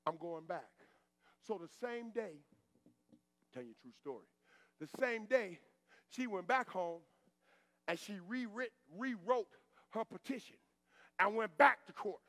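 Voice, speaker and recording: High, bright-voiced pastor preaching. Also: male voice, expressive, a little slow, pauses often, no room sound. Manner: call-and-response preaching, rising to shouts. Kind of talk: preaching a sermon.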